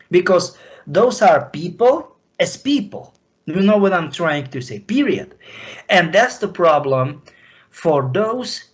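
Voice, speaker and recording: A man from Slovakia, speaking as an interview guest in a halting, impassioned way. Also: on the high side, muffled recording. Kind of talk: emotional interview talk.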